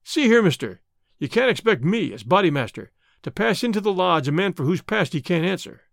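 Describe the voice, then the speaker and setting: A man voicing a gruff, menacing middle-aged gang boss who questions bluntly in an audiobook reading. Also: high voice, big pitch swings, fairly quick, no echo, studio quality, exaggerated voice.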